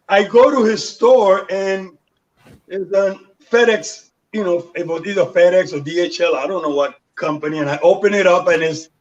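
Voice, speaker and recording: High-voiced Panamanian man telling stories. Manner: animated storyteller acting out quoted voices. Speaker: guest. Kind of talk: storytelling interview. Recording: dull lo-fi sound.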